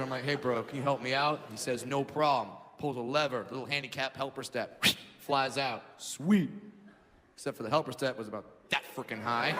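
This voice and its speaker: A man in his thirties performing a stand-up comedy set, telling stories loudly and acting out shouted impressions. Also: medium pitch. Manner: loud, animated storytelling with shouted impressions. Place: theater stage before a laughing audience. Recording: live hall recording, reverberant, noisy.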